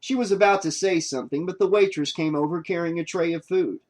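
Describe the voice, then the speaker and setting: A man narrating a horror novel audiobook in a steady, even storytelling manner. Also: on the high side, fast talker.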